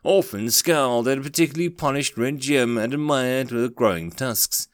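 A man narrating a fantasy story aloud, expressive in his storytelling. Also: mid-range voice, normal speed, dry recording, studio quality.

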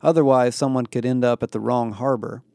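A man voicing a calm, matter-of-fact male alien guide who explains things plainly. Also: medium pitch, fairly quick, no echo, clean studio sound, close to an everyday voice.

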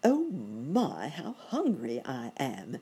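A woman voicing a kindly, hopeful old gentleman rabbit with gentle exclamations. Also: very deep voice, huge pitch swings, slow pace, slightly rough, full character voice. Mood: mild.

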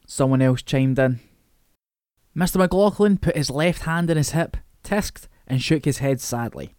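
A man narrating a novel in a steady, wry manner. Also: fairly high pitch, moderate pace, clear, resonant tone, dry recording, studio quality. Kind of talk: reading a novel aloud.

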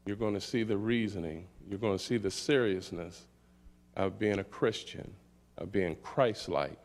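A middle-aged man preaching a sermon, slow and emphatic, often checking in with "all right?". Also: fairly low pitch. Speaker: pastor.

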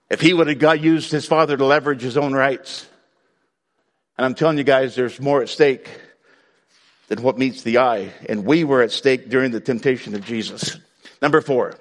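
A man preaching a sermon to his congregation in a conversational way, breaking now and then into loud outbursts. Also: mid-range voice, in a large hall. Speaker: pastor.

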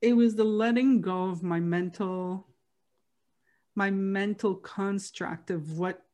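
A woman hosting a podcast, telling a personal story in a heartfelt, halting way with many restarts. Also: mid-range voice, fairly even intonation, warm tone. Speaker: podcast host.

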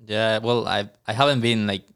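A man's voice: fairly low pitch, steady tone, normal speed, vocal fry, a bit bright, smooth. A man who is a guest on a podcast, chatting casually with simple phrasing and easy laughter. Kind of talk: casual chat.

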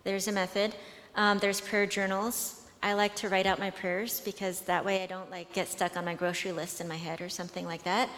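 Woman, conference speaker, chatty storyteller with frequent restarts, mid-pitched, booming hall. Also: little pitch movement, brisk, a bit bright. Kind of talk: conversational talk with storytelling. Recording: long hall reverb.

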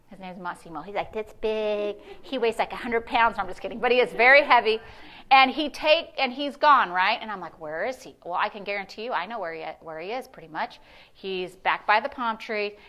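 Female pastor, high voice, bright tone, lively sermon delivery with congregation call-outs. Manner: animated preaching, calls and responses with the congregation. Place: church service.

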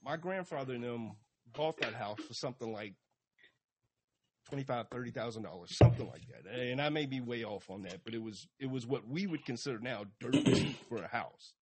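A man, co-hosting a podcast in casual chat and telling stories in a relaxed, profane way. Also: medium pitch, brisk. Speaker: podcast co-host. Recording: clear background noise.

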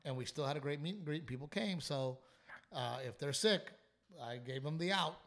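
A man's voice: a little high, moderate pace. A man who hosts a podcast, telling a story in casual chat while sick and short on sleep, restarting often and swearing. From South Texas. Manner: animated, swearing, trailing restarts. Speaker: comedian and podcast host.

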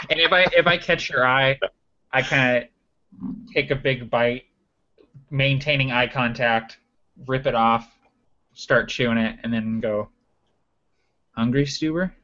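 A man at a tabletop game relaxes into describing his character's actions. His voice has a bright, forceful edge, and the recording sounds dull and lo-fi. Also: mid-range voice, steady tone, measured pace, pauses often. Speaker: player. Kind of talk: casual tabletop role-play.

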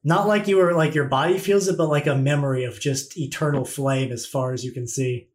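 A man's voice: mid-range voice, fairly even intonation, brisk. A man running a tabletop game as game master, casual and rambling with many fillers.

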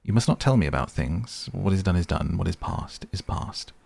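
Guy reading as a vain young dandy, low gravelly voice, drawls on and on. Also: animated, normal speed, darkish tone, exaggerated voice. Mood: languid. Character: young male aesthete, cool and self-absorbed.

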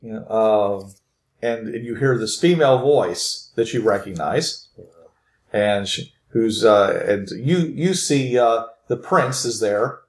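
A man running a tabletop game as game master, narrating haltingly with many restarts. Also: on the low side, animated. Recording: echoey room.

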